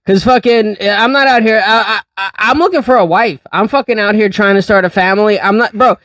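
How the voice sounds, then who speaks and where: A man's voice: high-pitched, brisk, fairly bright tone, dry recording, recorded from a distance. Loose, profane man, a bit off-mic. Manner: loose, profane, rambling with restarts. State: drinking, tipsy. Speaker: podcast host. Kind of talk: casual drunk banter. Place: small studio room full of art.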